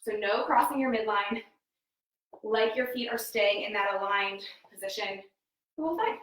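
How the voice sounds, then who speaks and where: A woman's voice: medium pitch, normal speed, a bit bright, far from the mic. A woman fitness coach, a bit winded, giving upbeat form cues while exercising at home. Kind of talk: live workout instruction. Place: home room. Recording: echoey room, voice from off-mic.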